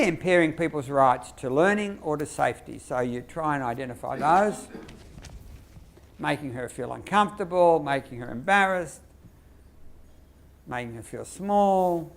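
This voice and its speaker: A man with an Australian accent giving a lively workshop lecture to teachers, quizzing the audience and acting out classroom phrases. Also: fairly high pitch, gravelly. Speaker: lecturer on behaviour management.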